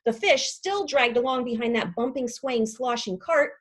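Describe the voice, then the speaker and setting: Reading a children's book aloud at normal speed, a woman lightly acts out the part of a classroom pet parrot, chatty and dramatic and fond of making up rhymes. She tells it in a lively way, full of playful rhymes and leaps in pitch.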